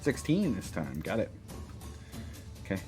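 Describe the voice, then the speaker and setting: A man's voice: sits low, wildly swooping pitch, measured pace, darkish tone, soft background music. A man narrating as game master of a tabletop game, hesitant and full of fillers.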